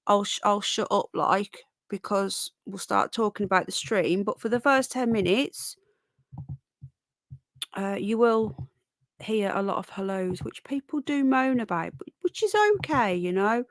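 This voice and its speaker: A woman's voice: medium pitch, unhurried, dry recording. A woman hosting a live podcast from her bed, chatting casually and greeting viewers by name. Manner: chatty, rambling, warm greetings to chat. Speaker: livestream podcast host. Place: bedroom, sitting on her bed. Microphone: own microphone on camera setup.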